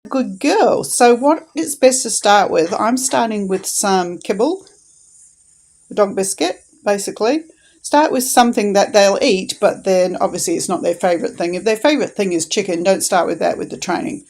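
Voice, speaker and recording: A woman in a casual instructional vlog, talking calmly and patiently and encouraging her dog as she trains it. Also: mid-range voice, moderate pace, poor audio.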